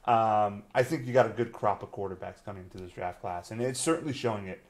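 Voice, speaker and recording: A man co-hosting a live-stream sports show, rambling casually, teasing, laughing often and filling pauses with "um". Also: fairly low pitch. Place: lives in Austin, Texas.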